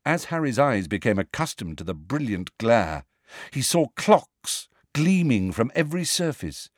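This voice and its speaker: A man reading a storybook aloud as an audiobook narrator, in an expressive, measured style on a close mic. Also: mid-range voice, no echo.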